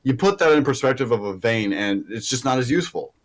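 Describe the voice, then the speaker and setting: Gamer guy arguing strats and ribbing the team, medium pitch. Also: lively intonation, fast talker. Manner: argumentative, teasing. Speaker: gamer on stream. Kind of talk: casual banter.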